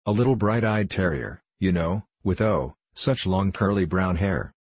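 Storybook girl, curious, polite and chatty, read by a man in a deep, husky voice. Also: lively intonation, unhurried, no room sound, heavily acted. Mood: eager. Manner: chatty, eager, prone to rambling on. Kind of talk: audiobook character reading.

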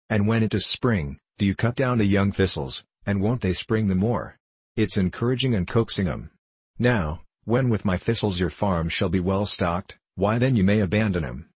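A man's voice: lowish voice, moderate pace, darkish tone, breathy edge, no room sound. A man voicing a bitter, sneering one-legged cynic who snaps and jeers in an old-fashioned storybook. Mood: scornful. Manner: snappish, scornful, jeering.

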